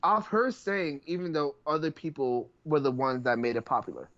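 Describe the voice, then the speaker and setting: A man's voice: a little high, moderate pace, a bit bright. A young man co-hosting a casual podcast, talking in slang, asking follow-up questions and bringing up new topics. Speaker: podcast co-host. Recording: dull lo-fi podcast audio.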